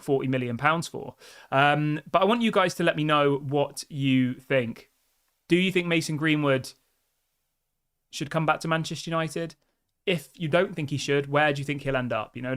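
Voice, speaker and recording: A man hosting a live football show in a slightly high voice. His talk is chatty and direct, and he turns to his viewers again and again to ask what they think. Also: fairly bright tone, clean tone. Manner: chatty and direct, often asks viewers for opinions. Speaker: football fan channel host. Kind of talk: live-stream commentary to viewers.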